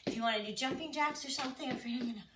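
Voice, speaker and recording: A high-pitched woman coaching a workout, breezy and joking at her own expense as she counts down. She sounds a few steps from the mic in an echoey room, with a clear layer of noise behind her. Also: very fast, distant mic. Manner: chatty, self-mocking, counts down and cues moves. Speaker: fitness instructor. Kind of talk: leading a home workout.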